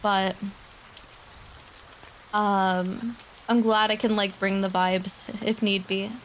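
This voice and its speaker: A woman streamer chatting casually and quietly with her viewers at her desk mic, laughing often and swearing now and then. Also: mid-range voice, level tone, slow pace, a little hiss or hum. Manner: soft-spoken, talking quietly. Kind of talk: casual livestream chat. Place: home streaming setup.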